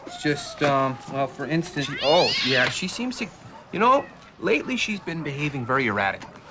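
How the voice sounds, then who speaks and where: A man's voice: on the high side, big pitch swings, noisy background. An actor playing an awkward cat owner who rambles and halts as he flirts. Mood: flirty. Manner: halting, rambling.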